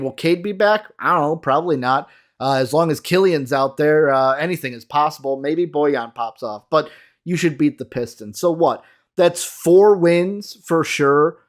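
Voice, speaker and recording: A young man hosting a casual solo basketball talk show, chatty and addressing his viewers directly. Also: a little high. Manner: chatty, lots of fillers, talks to viewers. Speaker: sports show host.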